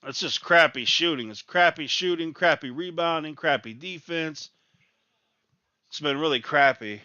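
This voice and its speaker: A man's voice: a little high, moderate pace, sharp tone, smooth, no room sound, highs cut off. A man ranting in exasperation as he reacts live to a college basketball game, repeating his complaints. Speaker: sports talk host.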